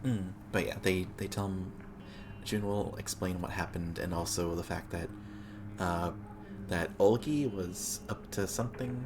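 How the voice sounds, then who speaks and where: A man's voice: deep voice, unhurried, background noise. A man playing a tabletop game, explaining hesitantly with many uhs. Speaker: player. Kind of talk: casual game chat.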